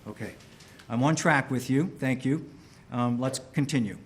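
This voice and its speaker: A man's voice: medium pitch, moderate pace, a little hiss or hum. A man in a courtroom questioning an expert witness carefully, restating questions with small restarts.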